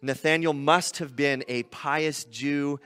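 A man preaching a sermon, animated, often acting out quoted voices. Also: fairly high pitch, slow pace, clean tone, in a large hall. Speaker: pastor.

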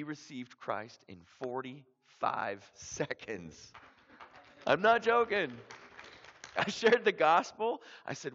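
A man from Canada telling a mission story as a sermon, an animated storyteller who acts out the people in it. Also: on the high side, slow pace, slight background noise. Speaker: missionary preacher. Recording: dull lo-fi sound with long hall reverb.

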